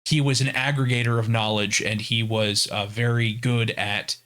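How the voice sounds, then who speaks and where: A man's voice: fairly low pitch, flat delivery, moderate pace, fairly bright tone. A man co-hosting a podcast, retelling a game's story in casual, profane chat. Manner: profane, storytelling with acted-out quotes. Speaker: podcast co-host.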